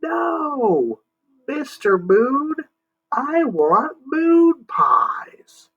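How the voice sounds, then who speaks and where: A man voicing an eager young boy who is hungry for moon pies, with excitable, high exclamations. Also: slow, slightly rough, far from the mic, phone-quality sound, exaggerated voice. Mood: pleading.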